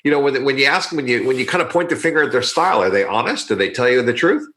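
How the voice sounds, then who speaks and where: A man's voice: medium pitch, animated, very fast, fairly bright tone. A man hosting a podcast interview, talking casually and repeating words as he thinks aloud. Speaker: podcast host.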